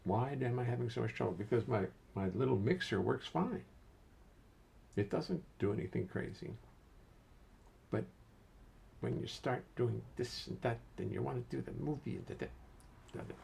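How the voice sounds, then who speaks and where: A man's voice: mid-range voice, normal speed, gravelly, long pauses, darkish tone, a little hiss or hum. An older man casually hosting a livestream from his home studio, greeting viewers by name and muttering to himself as he adjusts settings.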